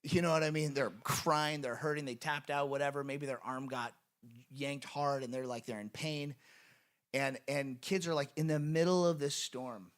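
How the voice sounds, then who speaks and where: A man's voice: medium pitch, fairly even intonation, moderate pace. A man preaching a sermon in a church in an earnest, conversational way, with lots of fillers. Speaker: pastor. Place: church sanctuary.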